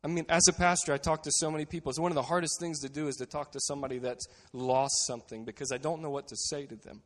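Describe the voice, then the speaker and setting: A man preaching a sermon as a pastor, earnest and steady, dropping to a quiet voice to stress key phrases. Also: a little high, fast talker, long reverb tail.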